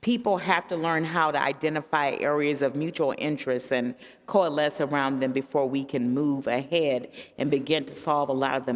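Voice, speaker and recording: A woman pastor speaking on a discussion panel, telling stories with emphatic swings in her voice. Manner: animated storyteller with emphatic pitch swings. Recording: echoey church hall.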